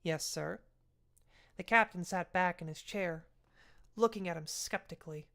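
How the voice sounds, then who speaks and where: Woman with a lowish voice narrating a crime novel; steady and even. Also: normal speed. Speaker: audiobook reader. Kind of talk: reading a novel aloud.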